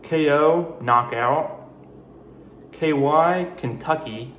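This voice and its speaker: A man's voice: a little high, fairly bright tone, reverberant. Male host, casual explainer, dry jokey delivery, faint hum behind. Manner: dry, jokey asides between slow definitions. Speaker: video host. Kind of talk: casual explainer reading a word list.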